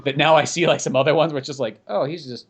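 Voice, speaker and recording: Fast-talking man in casual podcast chat. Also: on the high side, dull audio. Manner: rambling, animated, heavy use of "like". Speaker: podcast host.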